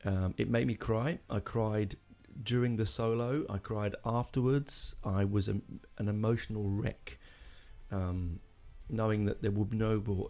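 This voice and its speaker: A man's voice: lowish voice, steady tone, a little slow, mellow. A man hosting a podcast, talking casually and emotionally, rambling with lots of fillers and restarts. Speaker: podcast host. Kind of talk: casual solo podcast talk.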